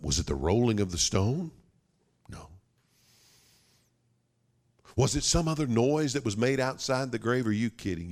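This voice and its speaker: A man preaching a sermon as pastor, dramatic, slowing down for emphasis and dropping to a whisper. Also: sits low. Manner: dramatic, with sudden drops to a whisper and slowed emphasis.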